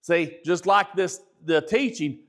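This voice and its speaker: A loud, emphatic middle-aged man, a bishop teaching a ministry training session in a lecture style. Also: sits high, slow. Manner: loud, emphatic natural speaking voice.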